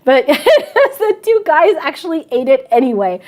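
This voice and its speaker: A woman teacher telling a funny personal story to students, chatty and animated with frequent laughter. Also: sits high, a little slow. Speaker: math and science teacher. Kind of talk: storytelling to students in an online class.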